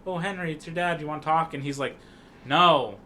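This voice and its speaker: A man's voice: a little high, racing, a little hiss or hum. A man co-hosting a podcast, casually recapping a film scene by scene in a rambling way with lots of fillers. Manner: rambling, relaxed, many fillers and restarts. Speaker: podcast co-host.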